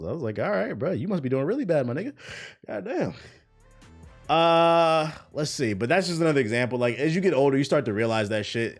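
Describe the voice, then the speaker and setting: A man hosting a livestream, chatting casually and retelling arguments by quoting people in lively bursts. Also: lowish voice. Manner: animated storytelling, quoting others. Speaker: livestream host. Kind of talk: casual stream chat.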